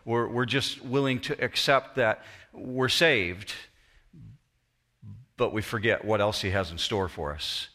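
Bright-voiced pastor preaching a sermon. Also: male voice, lowish voice, measured pace. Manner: earnest, explanatory, storytelling. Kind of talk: sermon with prayer. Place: church auditorium.

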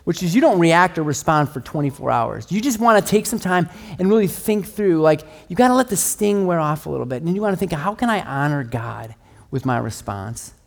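A middle-aged male pastor delivering a sermon in a relaxed, conversational way. His voice sits a little higher than most men's, and he pokes fun at himself as he tells everyday stories. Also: fairly quick, vocal fry. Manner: conversational, self-deprecating storytelling.

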